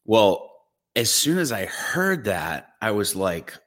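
Deep-voiced man telling a lively story. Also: slow pace. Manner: lively storyteller acting out his own reactions. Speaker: guest evangelist. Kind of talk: storytelling in a podcast interview.

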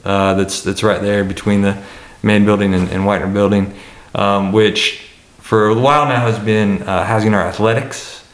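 A man's voice: lowish voice, fairly even intonation, moderate pace, few pauses, reverberant. A man who works as a college administrator, answering questions on a panel in a hesitant way, with many fillers and restarts.

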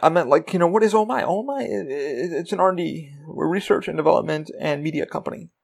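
A man's voice: on the high side, gravelly. A man hosting his own podcast, rambling casually about running a small business and swearing freely. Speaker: podcast host. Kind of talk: rambling solo podcast talk.

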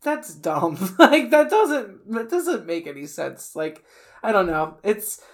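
A woman's voice: mid-range voice, very animated, measured pace. A young woman co-hosting a podcast, giving her frank take on a movie while searching for the right words. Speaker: podcast co-host. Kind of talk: casual movie discussion.

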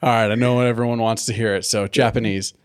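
A man's voice: on the low side, quick pace, smooth. A man co-hosting a podcast, chatting casually with a joking, profane manner. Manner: joking, profane, lively banter. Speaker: podcast co-host. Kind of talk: casual chat.

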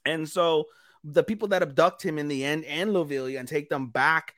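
Male podcast co-host, high voice, dry close mic, rambling profane anime recap. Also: normal speed, no room sound. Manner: profane, rambling, animated recapping with put-on quotes. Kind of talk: casual chat, anime recap.

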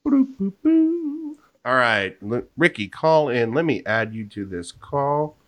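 A man's voice: medium pitch, very animated, takes it slowly, a bit bright. A man hosting a podcast, chatting casually about football picks in a rambling, joking way that often interrupts itself. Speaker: podcast host. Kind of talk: casual sports chat.

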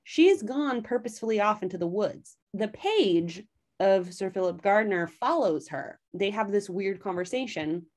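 A woman with a mid-pitched voice casually retelling a plot as a podcast host. She talks in a chatty, animated way and swears freely. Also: moderate pace. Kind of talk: casual story recap.

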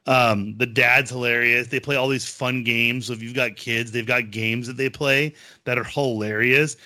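A man co-hosting a podcast, chatting casually and excitedly with frequent fillers. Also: mid-range voice, normal speed, no echo, clean studio sound. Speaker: podcast co-host. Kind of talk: casual chat.

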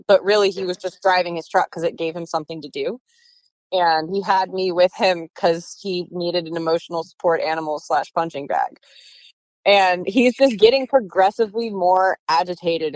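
A woman's voice: on the low side, dry recording, rough recording. A young woman in her twenties telling her story casually, chatty, laughing often and acting out quotes. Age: 20s.

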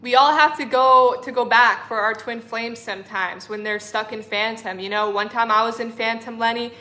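A woman's voice: fairly high pitch, fairly even intonation, normal speed, pushed and bright. A young woman spiritual coach in a casual livestream, effusive and affectionate, calling her viewers sister and honey. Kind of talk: livestream talk reading chat comments.

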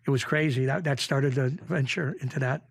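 A middle-aged man, a podcast guest telling rough street stories in a casual, animated way that keeps circling back on itself. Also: medium pitch, brisk. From Springfield, Massachusetts. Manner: animated storyteller, rough street talk, repeats himself. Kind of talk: casual storytelling.

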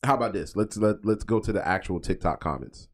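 A man co-hosting a casual podcast, mocking and quick to laugh. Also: on the low side. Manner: animated, laughs often, mocking. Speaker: podcast co-host.

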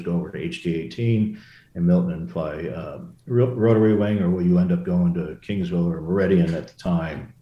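A man's voice: deep voice, muffled recording. An older man, a former Marine aviator, telling stories in a casual interview, rambling with many restarts and asides. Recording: roomy echo.

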